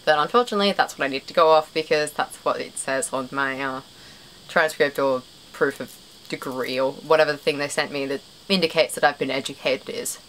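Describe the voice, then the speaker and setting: A woman's voice: low voice, a little fast, fairly bright tone, slight background noise, poor audio. A young Australian woman vlogging to camera in a rambling, self-deprecating way, full of fillers. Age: young adult. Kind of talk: casual chat to camera.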